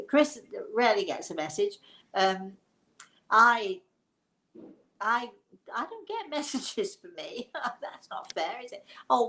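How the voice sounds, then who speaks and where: A woman's voice: medium pitch, gravelly, a bit bright, low-quality recording. A woman hosting a live stream as a psychic medium, chatting casually and rambling with frequent laughs and restarts. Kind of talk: casual live webinar chat.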